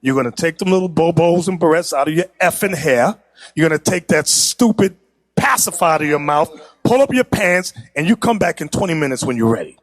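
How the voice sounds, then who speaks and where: A man playing a stern older male school disciplinarian who gives blunt, commanding orders in a lower voice. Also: lively intonation, fairly quick, dry recording, natural voice.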